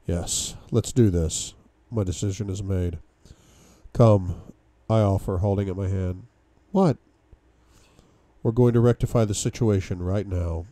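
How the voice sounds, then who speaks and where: A man reads a novel aloud in a deep, very dark and mellow voice, lending the first-person lines dramatic bursts of force. The recording is dry and close, with no room sound. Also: steady tone, moderate pace, no echo. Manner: dramatic first-person reading with sudden outbursts. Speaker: book club reader.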